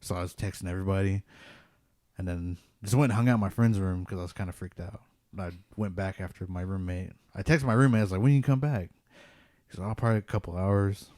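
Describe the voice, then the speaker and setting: A man with a low, warm voice tells a personal ghost story in a casual, rambling way, leaning on "like" again and again. He is a podcast host in casual conversation. The recording is dry and close. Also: fast talker, no echo. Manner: relaxed, rambling, many "like" fillers.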